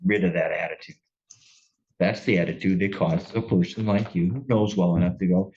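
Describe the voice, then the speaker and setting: A man's voice: low-pitched, steady tone, fairly quick, a little mellow. A male judge giving stern, plainspoken sentencing remarks in a courtroom, often restarting his sentences. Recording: dull lo-fi courtroom recording.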